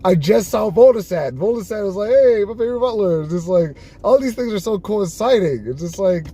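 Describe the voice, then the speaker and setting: A man chatting casually on a live stream, telling stories in an animated way, laughing often and acting out the lines people said to him. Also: high-pitched, moderate pace, breathy edge.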